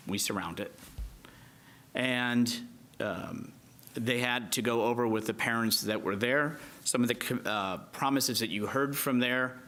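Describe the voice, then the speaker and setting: A man chairs a public council meeting, courteous and often pausing on fillers. His voice sits at a middle pitch. A faint noise runs under the recording. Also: a bit bright.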